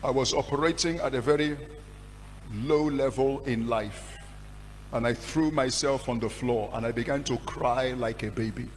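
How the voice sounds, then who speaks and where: Impassioned pastor in an echoing hall. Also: male voice, moderate pace. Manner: impassioned storytelling with sudden surges in pitch and volume. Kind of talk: testimony sermon. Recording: long hall reverb with faint hum.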